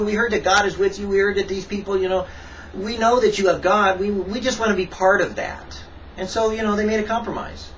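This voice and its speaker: A man preaching a devotional sermon, emphatic, swinging from sudden high rises to quiet asides. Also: a little hiss or hum. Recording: distant mic, dull sound, faint ambience.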